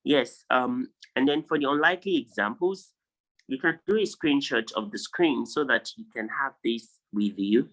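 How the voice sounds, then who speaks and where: A Nigerian man teaches an online class over a video call, reading out word lists and stressing and repeating each pronunciation. His medium-pitched voice is a bit bright and moves at a normal speed, and the recording quality is low.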